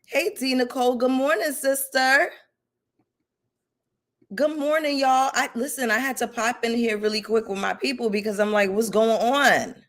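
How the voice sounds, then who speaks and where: A woman hosting a casual live stream, sassy and animated as she greets her viewers by name and rants about reality TV. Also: high-pitched, normal speed. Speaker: YouTube commentary host.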